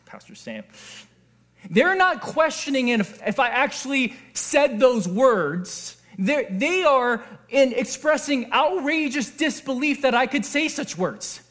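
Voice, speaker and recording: A male pastor delivers a sermon in a lively way, stopping often to put questions to his listeners. His speaking voice sits very high for a man. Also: a little slow, few pauses. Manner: animated, asks the audience questions.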